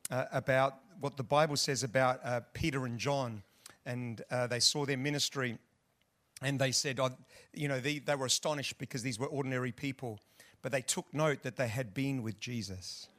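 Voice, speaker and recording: A man introducing the guest preacher at a church service, halting with many fillers. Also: mid-range voice, fairly even intonation, fairly bright tone. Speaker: church host introducing the speaker.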